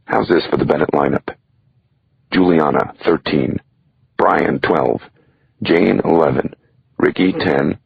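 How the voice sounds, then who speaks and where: A man narrates a thriller audiobook in a wry first-person voice that sits extremely deep. His tone is gravelly and heavily husky. The recording is dry and a little dull, like lo-fi audio. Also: slow pace, long pauses, no echo.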